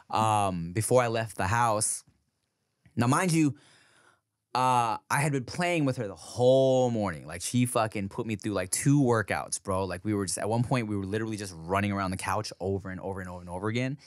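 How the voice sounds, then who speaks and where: A man's voice: on the low side, no room sound, studio quality. A man hosting a podcast who tells stories about being a father in casual, swear-filled chat and laughs often. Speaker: podcast host.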